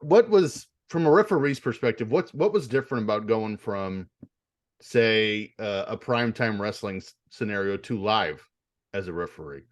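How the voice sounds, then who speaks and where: A man's voice: fairly low pitch, animated, moderate pace. A man interviewing a guest, asking detailed fan-level questions in a casual tone and chuckling now and then.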